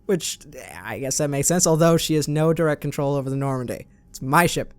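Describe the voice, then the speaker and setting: A man's voice: on the high side, fairly even intonation, a little fast, clear, resonant tone. A man hosting a let's play, chatting casually and reading in-game messages aloud with his own asides. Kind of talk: casual gameplay commentary.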